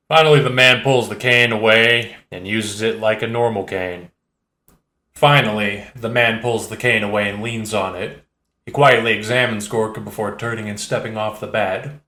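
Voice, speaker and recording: A man reading an audiobook in a steady, measured narration. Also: fairly low pitch, reverberant. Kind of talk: scripted narration.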